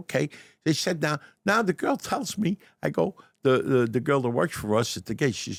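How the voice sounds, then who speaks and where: An older man with a New York accent telling stories in a casual interview, animated and stammering over his starts. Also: medium pitch, moderate pace, gravelly, no echo, clean studio sound. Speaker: guest, deli owner turned actor. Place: restaurant dining room.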